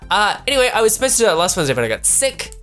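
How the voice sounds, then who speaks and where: A man's voice: sits high, very animated, rapid-fire, pushed and bright. A young man chatting casually in a recap vlog, rambling and self-deprecating. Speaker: vlogger. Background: faint background music.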